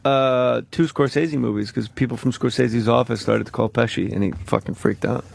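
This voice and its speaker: A male comedian guest on a radio show, telling profane, animated stories in casual talk. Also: mid-range voice, moderate pace, gravelly, a little hiss or hum. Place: radio studio. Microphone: studio microphone.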